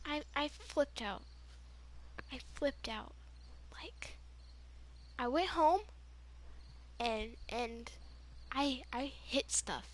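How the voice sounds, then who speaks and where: Casual vlog storyteller: a high-pitched woman who rambles slowly, leans on fillers and flares up into loud outbursts. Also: a little hiss or hum. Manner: rambling, heavy use of "you know" and "like"; excitable, bursts into yelling when retelling. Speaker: gaming vlogger.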